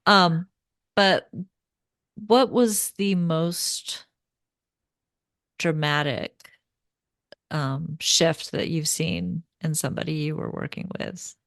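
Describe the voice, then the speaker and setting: A woman's voice: sits low, fairly even intonation, takes it slowly, pauses often, fairly bright tone, no echo. A woman hosting a podcast, asking an interview question in a friendly, hesitant way. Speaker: podcast host. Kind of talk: casual interview.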